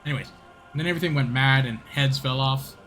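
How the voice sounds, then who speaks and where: A man's voice: mid-range voice, fast talker, a bit bright. A man streaming a game, rambling casually, laughing and mocking himself. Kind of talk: casual gameplay commentary.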